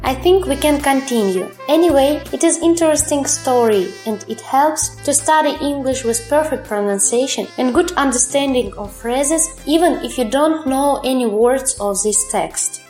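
A woman's voice: sits high, expressive, moderate pace, few pauses, a little mellow. A woman hosting a radio English lesson, introducing the reading in a friendly, careful way. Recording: roomy, with music behind. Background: music.

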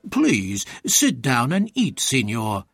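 A man's voice: mid-range voice, huge pitch swings, takes it slowly, vocal fry, fairly bright tone, slightly rough, dry recording, clean studio sound, faint music behind, heavily acted. A man doing a polite, wary old nobleman.

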